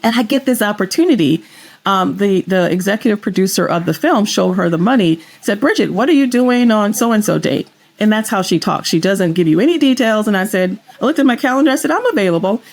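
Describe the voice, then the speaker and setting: A woman's voice: mid-range voice, expressive, fast talker. A woman guest on a podcast interview, talking enthusiastically and telling her stories expressively. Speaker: guest investor.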